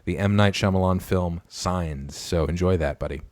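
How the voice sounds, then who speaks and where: A man's voice: deep voice, normal speed, darkish tone, dry recording. A young man from Canada co-hosting a podcast, chatting casually and reading out comments from viewers. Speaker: podcast co-host. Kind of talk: casual chat with live chat readers.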